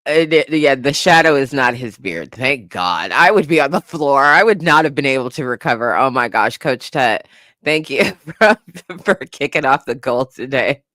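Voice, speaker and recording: A woman with a very deep voice hosts a casual commentary stream at normal speed, reading chat comments and reacting with frequent laughter in an animated, lively way. The recording is studio quality, with no room sound.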